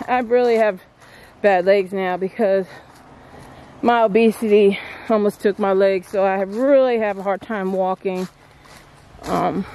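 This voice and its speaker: A woman vlogging outdoors at an old stone landmark, chatting excitedly to her viewers on a handheld phone camera. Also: mid-range voice. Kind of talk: casual vlog narration. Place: outdoors at a historic stone furnace.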